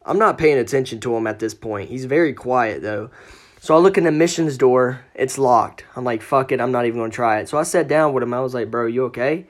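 A man's voice: medium pitch, brisk. A man telling a ghost story as a podcast guest, casual and profane, acting out the quoted lines.

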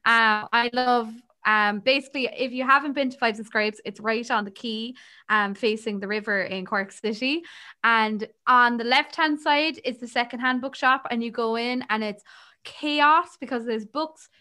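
A young Irish woman in a casual podcast chat, her voice high and sharply bright. She jokes and teases through easy banter. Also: fairly even intonation, moderate pace, smooth. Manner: joking, giggly banter. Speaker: podcast co-host.

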